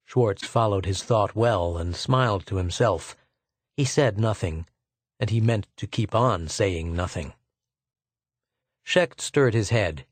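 A man reading an audiobook novel in measured, even scripted narration. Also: on the low side, no room sound.

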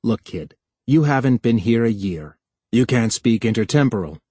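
A man's voice: medium pitch, lively intonation, moderate pace, mellow, breathy edge, no echo. Brief: male narrator as a defensive young technician, clipped and stern, dry close sound. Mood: indignant. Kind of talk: audiobook character voice.

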